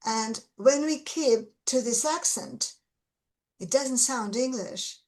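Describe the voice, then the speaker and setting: A woman's voice: fairly high pitch, takes it slowly, darkish tone, poor audio. A Russian-accented woman, an English teacher, explaining things earnestly and stressing her key words in casual conversation.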